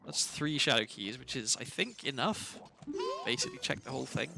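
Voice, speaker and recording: A man's voice: mid-range voice, animated, brisk, gravelly, very noisy. A man commenting casually on his game as he plays, sleepy and yawning, rambling and correcting himself with a wry edge. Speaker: streamer playing a game. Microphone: desk microphone. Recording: loud background music under voice.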